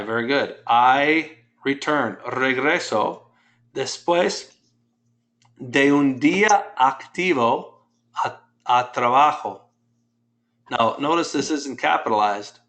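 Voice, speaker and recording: A man's voice: mid-range voice, slow pace, long pauses, a bit bright. A man teaching a Spanish class, patiently explaining grammar step by step and quizzing his students.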